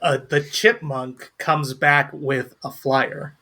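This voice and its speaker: A man narrating a tabletop game as game master, relaxed and chuckling. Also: on the high side, takes it slowly.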